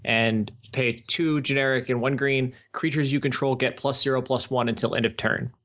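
A man co-hosting a podcast, explaining card rules in an explanatory way with halting restarts. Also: mid-range voice, steady tone, a bit bright. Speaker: podcast co-host. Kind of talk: casual podcast chat.

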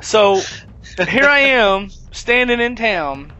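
A man's voice: high voice, very animated, slow, bright, forceful tone, smooth, lo-fi sound. A man co-hosting a casual gaming podcast, telling a long story and acting out his friends' lines. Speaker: podcast co-host.

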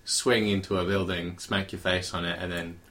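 A man's voice: low voice, level tone, moderate pace, pushed and bright. A man chatting casually as a podcast co-host, dry and sardonic. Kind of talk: casual chat.

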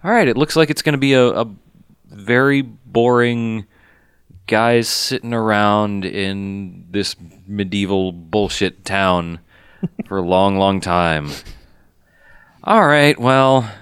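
A man's voice: on the low side, slow pace, fairly bright tone, clean tone, no room sound, studio quality. A man hosting a casual movie chat, rambling with lots of ums and cheerful swearing. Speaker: podcast host.

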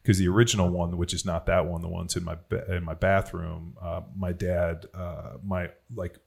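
A man's voice: deep voice, flat delivery, moderate pace, vocal fry, a little mellow, slightly rough. A man on a podcast, telling rambling personal stories in casual chat, swearing freely and filling with "like" and "you know.". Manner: rambling storytelling with frequent swearing and fillers. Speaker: podcast host.

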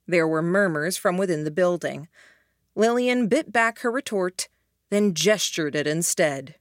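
A woman narrating an audiobook in a hushed, even reading voice. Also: lowish voice, measured pace, no room sound, studio quality. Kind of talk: scripted narration.

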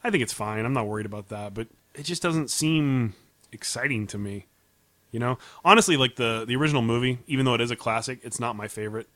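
A man's voice: medium pitch, quick pace, fairly bright tone, no echo. A man co-hosting a casual podcast, telling stories and laughing often. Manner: chatty storyteller, laughs often. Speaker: podcast co-host. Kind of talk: casual chat.

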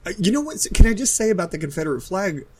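A man's voice: sits high, quick pace, slight background noise. A man from the American South with a light Southern accent, co-hosting a casual comic book podcast and ranting with loose, swearing energy. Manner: animated ranting, frequent laughs, swearing. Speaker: podcast co-host. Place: Pittsburgh, from home.

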